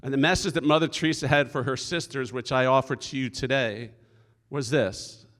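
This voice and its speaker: A man's voice: medium pitch, fairly even intonation, normal speed, a bit bright. A middle-aged man, a deacon, telling stories in a folksy, earnest sermon at a conference. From Philadelphia area. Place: conference hall stage. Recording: echoey hall.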